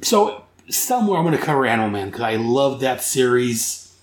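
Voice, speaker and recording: A man's voice: mid-range voice, big pitch swings, normal speed, roomy sound. A man hosting a podcast, recapping comics casually in a rambling, enthusiastic way that corrects itself as he goes. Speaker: comic book podcast host.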